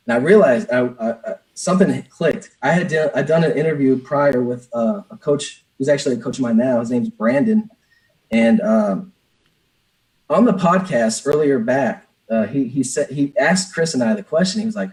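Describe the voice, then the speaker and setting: A man's voice: mid-range voice, expressive, moderate pace, darkish tone, poor audio. A business coach, a man, speaking openly in an interview and telling a personal story with many restarts. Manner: earnest, open, lots of restarts and "man". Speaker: business coach, podcast guest.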